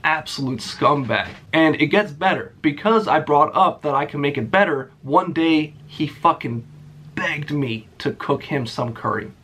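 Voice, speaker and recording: A man's voice: on the high side, lively intonation, unhurried, fairly bright tone, breathy edge. A young man telling a story about an old job to his channel, blunt and sarcastic, swearing often. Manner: blunt and profane. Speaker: YouTuber. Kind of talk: storytime rant.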